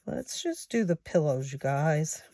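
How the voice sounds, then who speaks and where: A woman in her sixties with a lowish voice chats at an unhurried, slow pace. She talks straight to her viewers as "you guys" and counts money out loud in a casual, homey way. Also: big pitch swings, dry recording. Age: 60s. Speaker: savings challenge vlogger.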